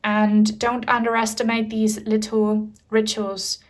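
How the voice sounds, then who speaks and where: A woman's voice: on the high side, completely flat delivery, slow. A woman giving a pick-a-card tarot reading, talking in an emotional, reassuring way with many fillers. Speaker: tarot reader.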